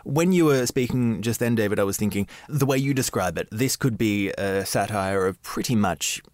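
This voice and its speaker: A man with a fairly low voice conducts a film interview, putting measured, thoughtful questions to his guests. The sound is dry and close, with no room echo. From Australia.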